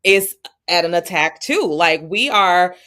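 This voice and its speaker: A woman's voice: lowish voice, lively intonation, measured pace, sharp tone. A woman hosting a podcast interview, earnest and reflective, repeating herself as she thinks. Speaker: podcast host. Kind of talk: interview conversation.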